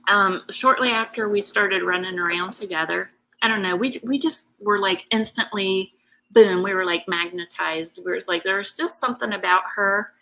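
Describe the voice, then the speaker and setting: A woman hosting a craft show talks in a bright, forceful voice. Her chat to viewers is casual and heartfelt, and she rambles with emotion. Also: medium pitch, moderate pace, low-quality recording. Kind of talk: casual live-stream chat.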